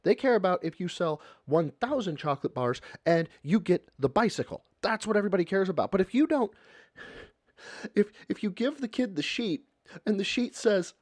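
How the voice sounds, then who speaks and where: A man's voice: high voice, expressive, normal speed, no room sound, studio quality. A Midwestern man reacting on a live stream, exasperated, sarcastic and swearing freely. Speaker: streamer reacting to a podcast clip.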